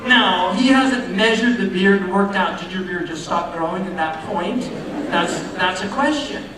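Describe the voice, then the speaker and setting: A man's voice: sits high, measured pace, crowd noise. An American man giving a humorous, anecdote-filled public lecture on religion, asking his audience rhetorical questions. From United States. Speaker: Islamic lecturer. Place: large lecture hall. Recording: echoey hall, distant mic, audience noise. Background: audience sounds.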